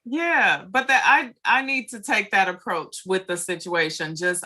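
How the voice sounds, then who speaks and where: A woman's voice: mid-range voice, unhurried, hardly any pauses, bright, forceful tone. A woman hosting a casual conversation, telling a personal story in a chatty way and mimicking what others said. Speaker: host. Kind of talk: casual chat.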